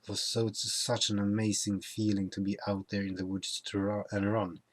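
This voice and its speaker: A man's voice: lowish voice, little pitch movement, moderate pace. A young man who is not a native English speaker, chatting casually through a travel vlog, with many fillers and restarts. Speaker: vlogger.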